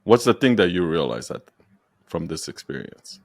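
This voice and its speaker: Man, podcast host, very low voice, gravelly, dry, probing questions. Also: big pitch swings, normal speed, no room sound. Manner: probing, restarts questions, asks if understood. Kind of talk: casual coaching conversation.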